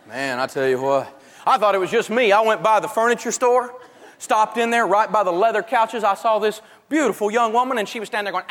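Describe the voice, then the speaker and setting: A middle-aged man giving a humorous, animated finance lecture to a live audience in a large echoing hall. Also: high-pitched, a little fast, slight background noise. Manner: animated storyteller. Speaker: financial teacher. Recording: long echo of a large hall.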